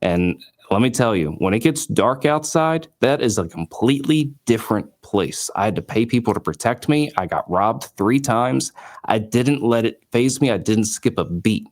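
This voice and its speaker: Speaking at a moderate pace with a medium-pitched voice, this late-twenties founder shares his company's story during an interview. He leans on plenty of fillers and brings in vivid quoted dialogue.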